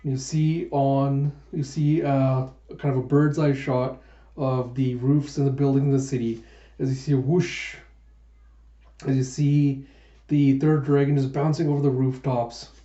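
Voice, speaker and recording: A man's voice: mid-range voice, mellow. A man casually reading a manga aloud and reviewing it, often stopping to correct character names. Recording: echoey room, dull sound.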